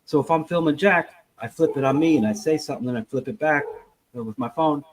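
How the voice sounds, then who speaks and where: A man co-hosts a casual podcast in a somewhat high voice. He rambles and bounces between thoughts, acting out small scenes along the way. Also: fairly quick, rough recording. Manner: animated, rambling storyteller who acts out little scenes. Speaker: podcast co-host.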